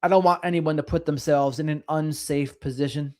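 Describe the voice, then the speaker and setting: A middle-aged man hosts a casual livestream, reading viewer comments and chatting in a sing-songy, lively way. His voice sits a little high and his pace is brisk.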